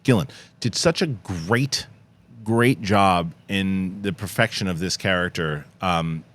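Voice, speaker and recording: A man hosting a casual film discussion, animated and laughing as he retells scenes. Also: low voice, slow. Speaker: host.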